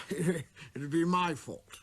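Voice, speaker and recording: A man's voice: fairly high pitch, slow pace, fairly bright tone, breathy edge, voice pushed up, heavily acted. A man playing a pompous, spluttering old king. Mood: grand. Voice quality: spluttering, stammering, chuckling. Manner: grand, commanding delivery. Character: pompous, blustering old king, proud and fussy.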